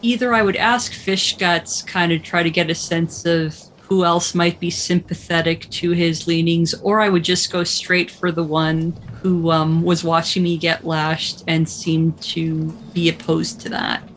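Woman, tabletop player, casual, hesitant and full of fillers, slightly low voice. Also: level tone, a little slow, few pauses, slight background noise, poor audio. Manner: thinks aloud, hesitant with many fillers. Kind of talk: casual tabletop role-play.

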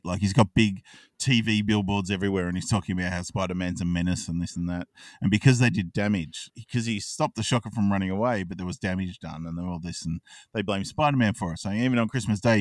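A man hosting a casual podcast chat, recapping a cartoon episode and acting out the characters' lines in quick asides. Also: sits low, no room sound, clean studio sound, distant mic. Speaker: podcast co-host.

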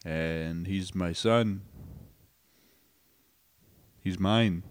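A man's voice: sits low, extremely slow, no room sound. A man in a comedy sketch, talking in a whiny, childish way.

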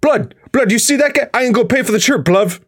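A man doing a shrill slangy London lad. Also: lively intonation, slightly rough, heavily acted. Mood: indignant. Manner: high, rapid street slang.

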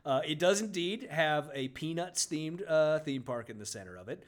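Animated sarcastic man, bouncy pitch. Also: moderate pace. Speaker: podcast co-host reviewing a book. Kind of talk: casual comedic chat with read-aloud passages.

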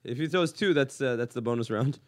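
Crude, animated American comedian. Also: male voice, medium pitch, brisk. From Los Angeles. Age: 30s. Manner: crude, animated storytelling with frequent laughter. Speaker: comedian podcast host. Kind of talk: casual podcast chat.

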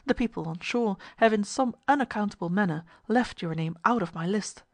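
A woman's voice: medium pitch, fairly quick, no echo, natural voice. Woman doing a courteous ship's purser, all sir this sir that, dry close sound. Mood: urbane. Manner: polite, formal, often says sir. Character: urbane, fussy middle-aged male ship's purser.

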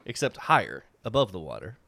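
A man's voice: on the low side, wildly swooping pitch, a little fast, vocal fry, bright, forceful tone, no echo. A man playing a tabletop game, playful and goofy, often laughing. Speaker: player. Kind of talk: casual tabletop role-play.

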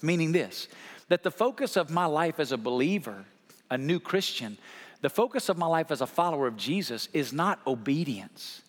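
A male pastor preaches a sermon in a high-pitched voice. He leads the congregation by having them say key words out loud. His voice carries a long hall reverb from the church sanctuary. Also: lively intonation, moderate pace. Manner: preacher prompting the congregation to repeat words aloud.

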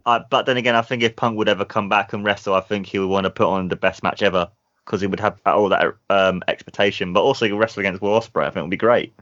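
Low-voiced man, enthusiastic chat. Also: steady tone, quick pace, fairly bright tone. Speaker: podcast co-host. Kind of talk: casual chat. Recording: dull lo-fi sound.

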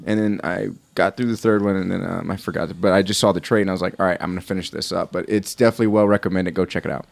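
A man in casual chat, halting and repeating words as he recommends a comic. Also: low voice, steady tone, creaky.

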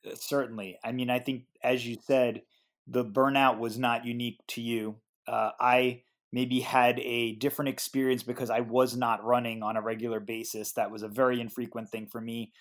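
A man hosting an interview, answering thoughtfully and then steering toward his next question at a steady pace. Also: mid-range voice, moderate pace. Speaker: interviewer, host.

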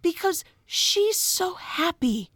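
A woman co-hosting a casual podcast, recapping a musical with animated storytelling and frequent laughs. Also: extremely high pitch, takes it slowly, dry recording, studio quality. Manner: animated, laughs often, acts out lines. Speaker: podcast co-host.

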